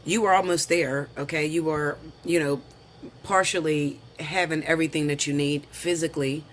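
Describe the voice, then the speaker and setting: A man's voice: a little high, fairly even intonation, fairly bright tone, slight background noise. A man doing a casual tarot reading, chatty and slangy, calling viewers honey and girl. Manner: lists the cards slowly, then talks them through. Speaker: tarot reader.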